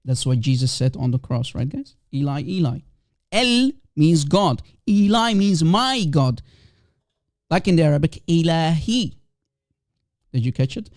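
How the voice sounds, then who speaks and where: Man, native Aramaic speaker, live stream host, emphatic and repetitive, raised pitch, dry close sound. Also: big pitch swings, a little slow, a little mellow, no room sound. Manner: emphatic, repeats rhetorical questions. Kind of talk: live call-in stream monologue.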